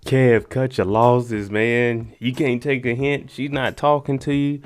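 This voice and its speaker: A man's voice: medium pitch, little pitch movement, a little slow. A man giving a casual, joking recap of a TV episode, talking slangy and aside to the viewer. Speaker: TV recap host.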